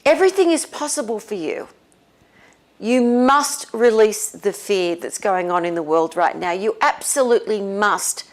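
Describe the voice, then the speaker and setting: A woman spiritual teacher talking casually and leading a guided meditation, relaxed and often laughing. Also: medium pitch. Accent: non-American English. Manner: slow, relaxed, with frequent laughs.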